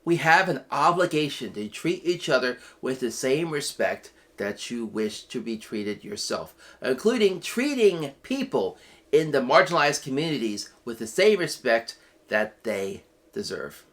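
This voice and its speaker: Earnest male show host, lively swings. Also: mid-range voice, unhurried. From United States. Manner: earnest, swings from quiet to loud emphatic outbursts. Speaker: host of a weekly web show news segment. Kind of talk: impassioned commentary.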